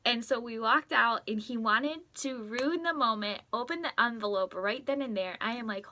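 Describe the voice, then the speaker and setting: Bright, chatty woman vlogger. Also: a little high, moderate pace, few pauses. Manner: chatty, excitable, lots of "like" and quoted dialogue. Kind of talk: casual storytelling to camera. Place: at home, in a closet.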